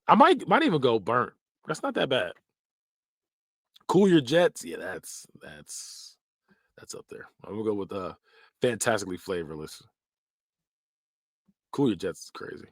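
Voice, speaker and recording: A man's voice: medium pitch, a bit bright, no echo, clean studio sound. A man hosting a podcast, chatting casually and laughing often as he reacts, sometimes mimicking phrases in exaggerated voices. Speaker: podcast host.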